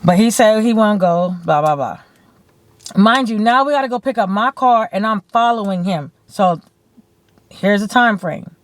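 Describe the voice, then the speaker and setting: A woman from California telling a story to her camera in a blunt, animated way, swearing freely and saying "like" often. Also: mid-range voice, normal speed, no room sound. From San Bernardino, California. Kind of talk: casual storytime. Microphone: camera mic.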